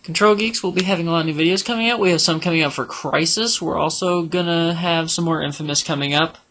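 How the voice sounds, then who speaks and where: This game walkthrough narrator is a fast talker with a fairly bright voice on the high side, and there's a little hiss or hum in the audio. He rambles and jokes through his gameplay commentary, humming and singing tunes as he plays.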